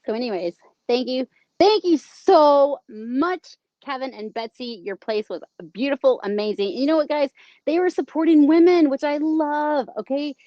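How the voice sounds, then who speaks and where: A woman's voice: sits high, fairly even intonation, normal speed, no echo, dull audio. A woman with a Southern American accent hosting a casual livestream, chatty and bubbly, greeting viewers and reading their comments. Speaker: livestream host.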